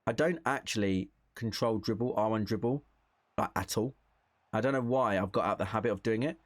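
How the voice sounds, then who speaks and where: A man's voice: on the low side, fairly quick, no echo. A young man giving casual gameplay commentary, thinking aloud in a chatty way and reacting to the play as it happens. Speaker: gaming content creator.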